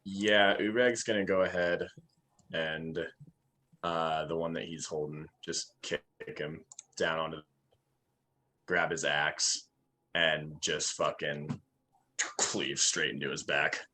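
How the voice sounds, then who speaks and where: A man's voice: extremely low pitch, little pitch movement, takes it slowly, long pauses, pushed and bright. A man playing in a tabletop game, laid-back and swearing casually. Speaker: player.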